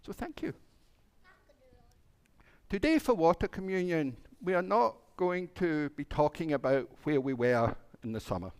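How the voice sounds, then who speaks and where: A man's voice: on the high side, animated, a little slow, clear, resonant tone. A man, a minister telling a playful children's story during a church service and acting out the animals.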